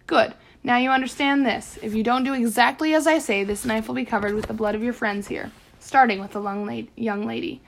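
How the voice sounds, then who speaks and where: A menacing male pirate villain from a storybook, cold and drawling as he bargains, put on by a woman reading aloud. The voice has a gravelly, rough edge, pitched a touch high for a grown man. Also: brisk, few pauses, slight background noise.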